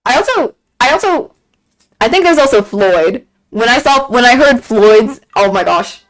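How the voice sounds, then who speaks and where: Woman streamer, casual stream chatter, gushing and repetitive, voice sits a bit high. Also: unhurried, low-quality recording. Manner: excited gushing fan talk, frequent laughs and repeated phrases. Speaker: game streamer. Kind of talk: casual chat on a live stream.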